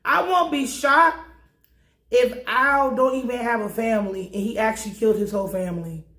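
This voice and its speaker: A woman casually recapping a TV episode, animated and profane, often acting out the characters' lines. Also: fairly high pitch, moderate pace, echoey room.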